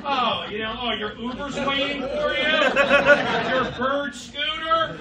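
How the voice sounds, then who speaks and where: A man doing a live stand-up set, riffing with the crowd and swinging between loud and soft. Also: extremely high pitch, fairly even intonation, slow. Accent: Californian. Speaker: stand-up comedian. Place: comedy club stage. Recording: roomy, distant live club recording. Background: loud crowd laughter and noise.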